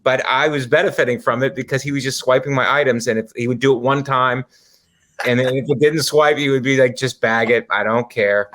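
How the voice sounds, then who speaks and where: A man's voice: mid-range voice, fairly even intonation, quick pace, fairly bright tone. Man telling funny stories on a podcast. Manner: storytelling, acts out quoted people. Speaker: podcast co-host. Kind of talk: casual comedic chat.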